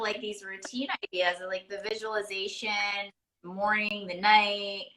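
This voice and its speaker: A woman's voice: mid-range voice, steady tone, unhurried, pushed and bright, poor audio. A woman hosting a podcast interview, reflecting on her guest's words and affirming them. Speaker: podcast host and performance coach. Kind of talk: casual interview conversation.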